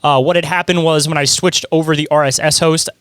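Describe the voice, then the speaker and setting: A man's voice: a little high, fairly even intonation, fairly quick, fairly bright tone, clean tone, no echo, studio quality. A man co-hosting a podcast in casual chat, loose and chatty, laughing often. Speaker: podcast co-host.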